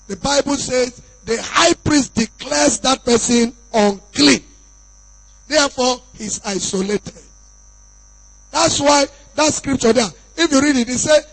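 Nigerian pastor preaching to his church, high husky voice, reads slowly then shouts for emphasis, soft music underneath. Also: low-quality recording. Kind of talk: sermon.

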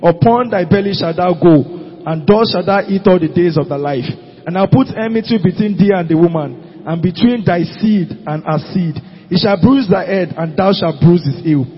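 A man reading scripture aloud during a church service, steady and measured, with an occasional slip. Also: high voice, breathy edge. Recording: dull, lo-fi recording in a reverberant hall.

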